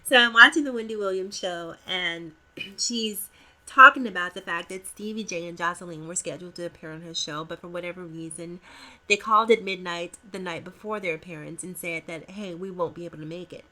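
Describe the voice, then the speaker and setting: A woman's voice: fairly low pitch, fairly quick, bright, forceful tone. A woman hosting a casual gossip commentary vlog, playful and talking straight to her viewers.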